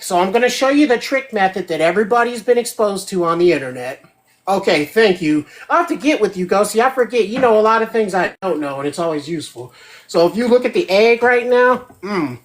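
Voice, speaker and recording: A woman hosting a casual live cooking demo from her home kitchen, chatty and checking in with her viewers as she goes. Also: lowish voice. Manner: chatty, keeps checking in with 'right?'. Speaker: host of a home cooking show.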